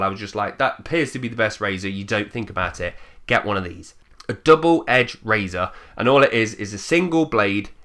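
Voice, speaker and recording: A man's voice: mid-range voice, sharp tone. Blunt, sweary man ranting. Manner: blunt and sweary, mocking impressions of others. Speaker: channel host. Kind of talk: opinionated rant to camera.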